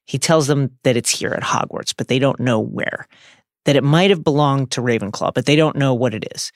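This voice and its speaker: Brief: man co-host, gravelly, wry playful storyteller, dry close studio mic. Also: medium pitch, fairly quick, dry recording. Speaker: podcast co-host. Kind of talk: recapping a book chapter aloud.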